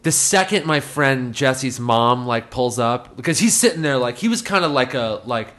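A man's voice: mid-range voice, animated, moderate pace, a bit bright. A man, a comedian guest, telling a story in a loose, profane way, full of "like" fillers and acting out the people in it. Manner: acts out the voices of people in his stories. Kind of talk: casual podcast storytelling.

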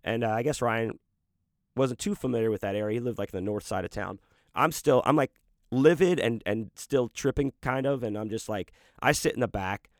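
A man's voice: medium pitch, moderate pace, dry recording, studio quality. A man casually telling a personal story, rambling and swearing freely with lots of fillers. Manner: profane, rambling, full of fillers.

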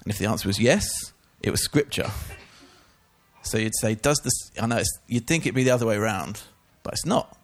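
A man's voice: on the low side, expressive, brisk. A man giving a casual, chatty Bible teaching talk, full of informal asides. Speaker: church teacher.

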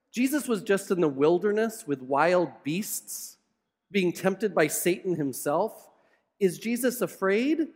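High-voiced guy preaching in a church, lively dramatic storytelling, long echo tail. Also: unhurried. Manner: animated dramatic storytelling with humor. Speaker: pastor. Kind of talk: sermon.

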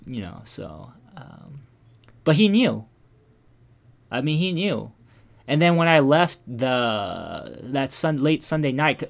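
A man chatting casually, recounting a personal memory. His delivery is halting and reflective, with frequent restarts and fillers. He often lets his words trail off into quiet, subdued murmurs. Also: mid-range voice, gravelly. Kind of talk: casual conversation, telling a personal story.

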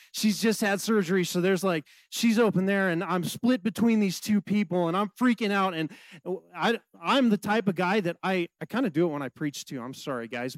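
A middle-aged man, a pastor, preaching a sermon and telling a personal story in an animated, conversational way with many fillers. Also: sits high, dry recording, rough recording.

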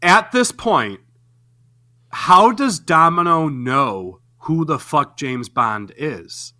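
Bright, animated man ranting. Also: a little high, slow pace. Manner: incredulous, profane ranting about plot holes. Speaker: podcast co-host. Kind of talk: casual movie review chat.

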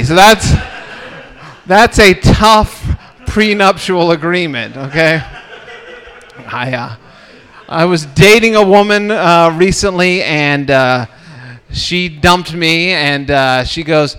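A man doing an awkward, self-deprecating stand-up set at an open mic night, with halting delivery. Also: a little high, fairly bright tone, clean tone. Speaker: stand-up comedian. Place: comedy club open mic.

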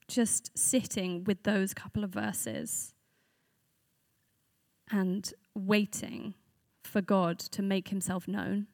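A woman's voice: medium pitch, gravelly, a little mellow, no room sound, studio quality. A woman giving a conversational sermon to a church group, earnest and reflective, speaking off the cuff.

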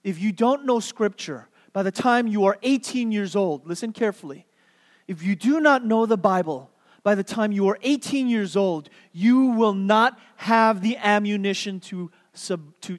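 Preaching in a big-room space, this high-voiced pastor spins a story for his congregation. He keeps it playful, tossing questions at the audience and repeating key words to stress them.

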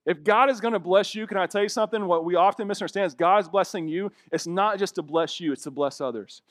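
A young man delivers an earnest sermon as a pastor, pressing his points and turning to the listeners with direct questions. His voice sits a little high for a man. The recording is dry and close, with no room sound. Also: fast, a bit bright, no room sound.

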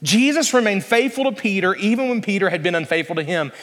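A man preaching a sermon as pastor, earnest and deliberate, slowing down to read scripture and prompting the congregation to answer. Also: high-pitched, expressive, a bit bright, long reverb tail.

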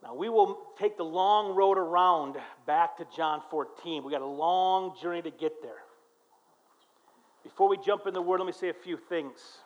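A middle-aged man preaching a sermon as pastor in church, telling stories with animated voices for the people he quotes, moving between quiet and loud. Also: high voice, normal speed, dull audio.

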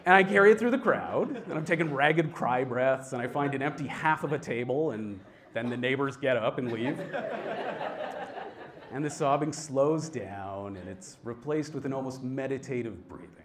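Young male storyteller, lively delivery that swings from hushed to loud, faint room ambience behind. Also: mid-range voice, normal speed, a little hiss or hum. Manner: animated, swings from quiet to loud. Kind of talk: live personal storytelling.

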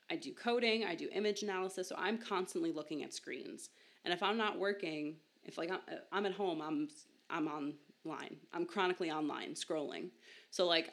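Podcast host: young woman, low pitch, casual and self-mocking, laughs easily. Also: fairly bright tone. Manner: chatty, self-deprecating, laughs often. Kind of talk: casual science podcast talk.

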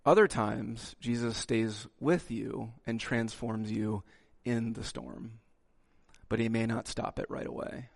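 Gravelly-voiced male pastor preaching. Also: mid-range voice, takes it slowly. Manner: expressive preaching, frequent "okay" asides, acts out quotes. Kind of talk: sermon.

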